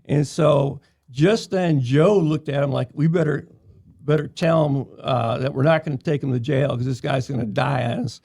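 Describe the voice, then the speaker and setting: An older man from New York, a retired police officer, telling stories in a relaxed, casual podcast chat. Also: medium pitch, normal speed, gravelly, breathy edge, no echo, clean studio sound. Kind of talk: casual storytelling.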